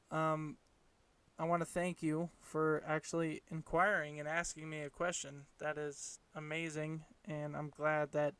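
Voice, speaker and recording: A man's voice: fairly high pitch, fairly bright tone, smooth. A man hosting a podcast, giving casual advice in an encouraging, rambling way with frequent restarts. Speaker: podcast host.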